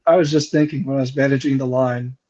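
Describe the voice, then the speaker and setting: A man's voice: medium pitch, steady tone, fast, mellow. A man co-hosting a casual livestream chat with dry, wry humor. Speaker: podcast co-host. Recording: muffled lo-fi mic.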